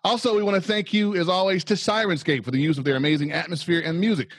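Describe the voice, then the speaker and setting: A man's voice: high voice, steady tone, quick pace, breathy edge, no room sound. A man from Oklahoma hosting a tabletop game podcast as dungeon master, chatty and upbeat, laughing often. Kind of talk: podcast intro and announcements.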